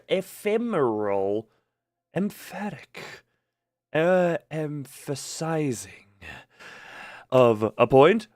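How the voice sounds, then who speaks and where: A man's voice: a little high, no echo. A young man streaming a game, chatting casually in a rambling, jokey way and tripping over his words. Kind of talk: casual live-stream chat while gaming.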